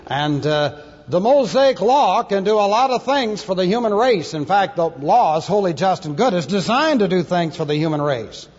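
A man's voice: sits high, animated, moderate pace, darkish tone, slightly rough. A pastor preaching an expository sermon, teaching the Bible through Greek word study. He talks emphatically, spells out Greek words letter by letter and slips in dry jokes. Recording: lo-fi recording in a reverberant hall.

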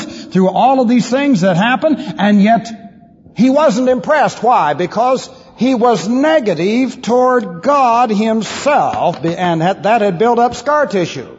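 A high-voiced man preaching with wide, swooping pitch and a slightly husky tone. He teaches from scripture with emphatic rhetorical questions. The recording is dull and lo-fi, with long reverb from a large hall. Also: a little mellow. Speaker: pastor. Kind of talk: expository Bible teaching.

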